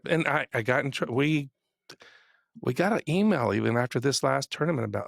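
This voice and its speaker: A man co-hosting a podcast, telling a story in a casual, animated way, acting out quotes and laughing often. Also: medium pitch, brisk, creaky, dry recording, clean studio sound. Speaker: podcast co-host.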